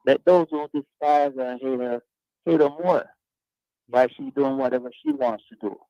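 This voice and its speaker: A man's voice: a little high, big pitch swings, moderate pace, gravelly, no echo. A man hosting a radio talk panel, arguing his points in an emphatic, preachy way. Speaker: radio talk show host. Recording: dull lo-fi radio sound.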